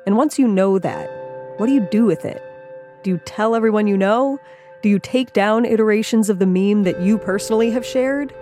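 Female co-host, mid-pitched, scripted but conversational narration, wry and questioning. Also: dark tone. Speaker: podcast co-host.

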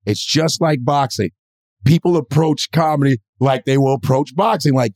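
A male comedian guest telling a story in a casual podcast chat, expressive and profane. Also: fairly high pitch, measured pace, no room sound, clean studio sound. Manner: expressive, profane, acts out characters.

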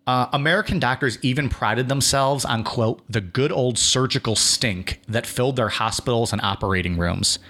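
A man's voice: medium pitch, normal speed, few pauses, pushed and bright. Man reading history notes on a podcast. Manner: reads notes, then drifts into filler-heavy "like" chatter. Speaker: podcast host and narrator. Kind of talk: reading a history outline with casual asides.

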